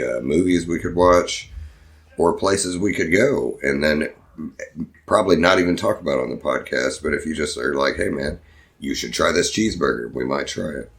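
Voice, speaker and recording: Man, podcast co-host, very deep voice, vocal fry, sarcastic, casual chat. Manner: dry, sarcastic joking.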